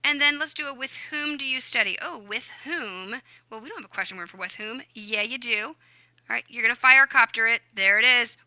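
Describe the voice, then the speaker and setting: A woman's voice: fairly high pitch, bright, forceful tone, clean tone, dry recording, poor audio. A woman teaching a grammar lesson over a screen recording, upbeat and chatty, talking through each step aloud. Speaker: Spanish teacher.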